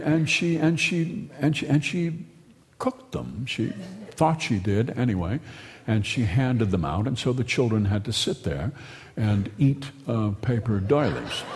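A man's voice: medium pitch, a little mellow. Man telling a wry, rambling story. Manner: wry, meandering, stumbles and repeats words. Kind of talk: humorous storytelling monologue. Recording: long hall reverb.

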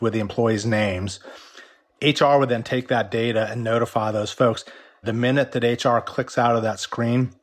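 A man interviewed as a company executive, explaining at length with frequent restarts while losing his voice. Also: medium pitch. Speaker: company executive interviewed about a workplace app. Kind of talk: remote news interview.

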